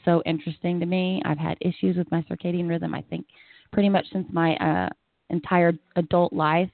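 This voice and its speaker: A woman with a Southern US accent co-hosting a talk show, chatty and excitable, quick to exclaim. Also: on the low side, gravelly, dry recording. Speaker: podcast co-host. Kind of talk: casual radio chat. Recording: phone-like, dry call-in audio.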